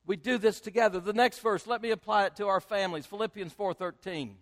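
An older man preaching a sermon as pastor, repeating phrases and swinging between loud emphasis and hushed, drawn-out words. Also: high-pitched. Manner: repetitive, rhetorical build-ups. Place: church sanctuary. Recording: long hall reverb.

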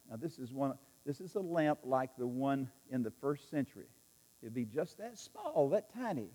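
A man's voice: mid-range voice, big pitch swings, moderate pace, mellow. A man preaching a sermon, emphatic and repetitive, leading his listeners in repeating lines. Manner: emphatic, repetitive, leads the audience in call-and-response. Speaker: pastor. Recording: long reverb in a large hall.

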